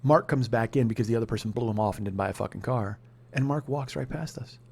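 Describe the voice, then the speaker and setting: A man's voice: medium pitch, quick pace, gravelly, a little mellow, husky. A man hosting a podcast, telling a comedic story in a profane, heated rant. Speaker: podcast host.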